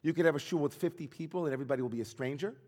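Earnest rabbi preaching in an echoing hall. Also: male voice, fairly high pitch, rapid-fire, a little mellow. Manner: earnest, reflective, searching questions. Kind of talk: sermon.

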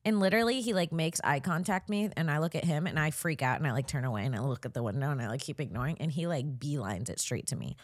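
A woman's voice: low-pitched, expressive, fast talker, hardly any pauses, dry recording, studio quality. A woman in her thirties, a comedian co-hosting a podcast, telling a story in casual chat. She acts out the people she quotes and laughs often.

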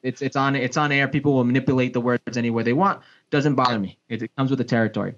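Ex-pro soccer guy turned broadcaster, storytelling on a podcast, voice bouncing up n down, keeps restarting, kinda muffled audio. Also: fast. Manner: animated, swinging pitch, frequent restarts. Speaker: sports broadcaster and former pro soccer player.

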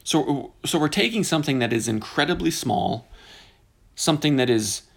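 Gravelly podcast guy in his 40s, goofy and rambly, a bit husky. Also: fairly high pitch, normal speed. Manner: animated, jokey, wandering into tangents. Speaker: podcast host. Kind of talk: casual rambling podcast monologue.

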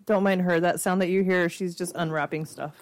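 A woman's voice: on the low side, noisy background. A woman hosting a podcast in casual chat, loose and joking, swearing freely. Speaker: podcast host.

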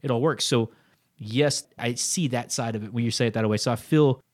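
A man in his thirties co-hosts a podcast and talks quickly, with a voice of ordinary middle pitch. He is an animated storyteller who slips into the voices of the people he describes. The talk is relaxed and conversational. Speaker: podcast co-host. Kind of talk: casual podcast chat.

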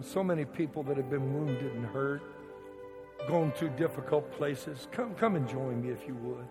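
A male pastor preaches to his congregation in a fairly high voice. He tells his story with dramatic swings, dropping to a hush and rising to a shout. His voice rings out with a long reverb through the church sanctuary. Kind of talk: sermon.

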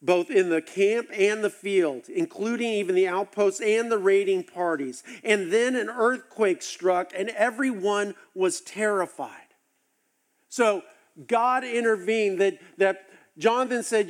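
A man preaching a sermon, telling the story with animated, acted-out asides. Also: sits high, unhurried. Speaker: pastor.

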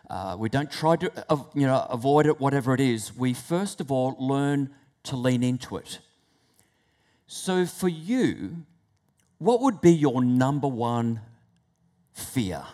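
Male preacher, mid-pitched voice, dramatic storyteller who voices inner thoughts and restarts his phrases. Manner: storytelling, acts out inner thoughts, shifts between hushed and loud; repeats words, restarts phrases. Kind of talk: sermon.

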